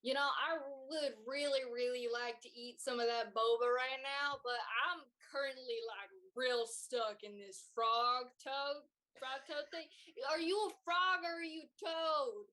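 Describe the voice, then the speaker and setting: A woman's voice: high voice, measured pace, sharp tone. Woman doing a laid-back stuck bear. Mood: mellow pleading. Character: greedy bear stuck in a toad, easygoing, male.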